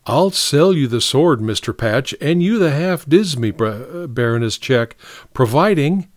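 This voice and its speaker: A man's voice: medium pitch, expressive, unhurried, no echo, natural voice. A level-headed young countrywoman who speaks in a cool, matter-of-fact way, as a male reader puts her on. The reading is dry and close to the mic. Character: cool, plain-spoken young farm woman.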